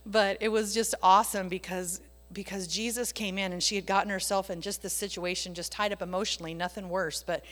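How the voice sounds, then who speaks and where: A woman's voice: mid-range voice, fairly even intonation, fairly quick, hardly any pauses, fairly bright tone. A woman sharing a casual faith testimony, telling it with animation and dropping into whispers for emphasis. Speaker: Christian speaker sharing a testimony. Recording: long reverb.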